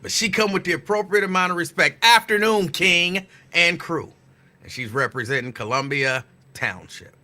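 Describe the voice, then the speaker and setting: A man hosting a casual live talk show, greeting listeners by name and teasing them playfully with loud, emphatic bursts. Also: high voice, normal speed. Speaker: radio host. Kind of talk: casual live-show chat reading listener shout-outs.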